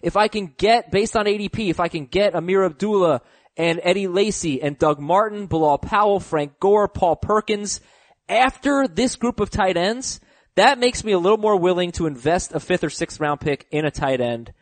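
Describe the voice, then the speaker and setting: A man's voice: high-pitched, moderate pace, no room sound. A man hosting a fantasy football podcast, running through draft picks and asking co-hosts for their take. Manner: leads the talk, lists picks and asks for opinions. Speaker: podcast host. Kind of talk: casual sports podcast chat.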